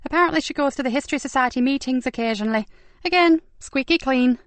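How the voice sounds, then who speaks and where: Woman voicing a bright, brisk police constable. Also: high-pitched, dry recording, pitched above the performer's own voice, natural voice. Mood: brisk, wry. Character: brisk, sharp-witted female police constable.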